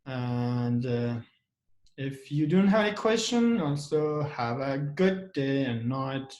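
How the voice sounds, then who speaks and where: Halting man teaching grammar, echoey. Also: mid-range voice, lively intonation, darkish tone. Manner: halting, many fillers and restarts, repeats examples. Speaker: English teacher. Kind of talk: online grammar lesson.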